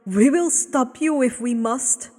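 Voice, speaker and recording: An earnest stormy-eyed man who entreats and pleads, loud and a little raised in pitch, as a woman reader takes him on. The room rings with a long reverb. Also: slow pace. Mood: pleading.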